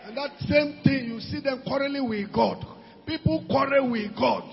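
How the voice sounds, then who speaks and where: A man with a Nigerian English accent preaching a sermon, animated, breaking into shouts and pidgin asides. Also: very high voice, moderate pace, gravelly. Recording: dull recording in a reverberant hall.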